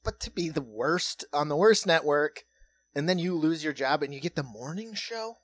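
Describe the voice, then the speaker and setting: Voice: medium pitch, normal speed, no echo. A comedy podcast co-host who banters casually and slips into mocking impressions of people. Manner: animated, mimics people mockingly.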